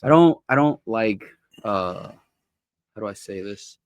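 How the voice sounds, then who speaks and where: A man's voice: on the low side, measured pace, no room sound, muffled recording. A man hosting a podcast, chatting casually in a rambling way with many restarts. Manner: rambling, restarts often, animated when amused. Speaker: podcast host. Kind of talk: casual chat.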